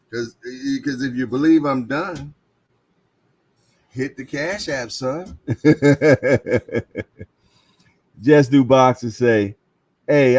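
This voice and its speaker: A man hosting a livestream, chatting casually and reading viewer comments aloud with a laid-back, slangy manner. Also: mid-range voice. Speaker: livestream host.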